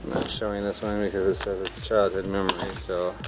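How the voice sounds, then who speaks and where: A man hosting a vlog, giving casual commentary while unboxing a storage unit. He jokes, swears freely and thinks out loud. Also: sits low, little pitch movement, fast, low-quality recording. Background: background music.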